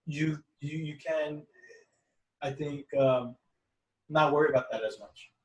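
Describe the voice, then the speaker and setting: A man's voice: fairly high pitch, steady tone, a little slow, far from the mic, muffled recording. A man in casual podcast talk who tells a rambling story, breaks off and restarts often, and voices the people in it. His voice sounds roomy and comes from a step back from the mic. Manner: rambling storyteller with many restarts and quoted dialogue. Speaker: podcast guest.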